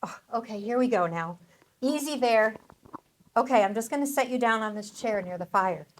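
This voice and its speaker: A lonely, kind-hearted farm wife, as a woman acts her out in a radio play. Her voice sits somewhat high, and her manner is earnest and gentle, easily flustered. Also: animated, moderate pace, slight background noise, close to an everyday voice. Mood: caring.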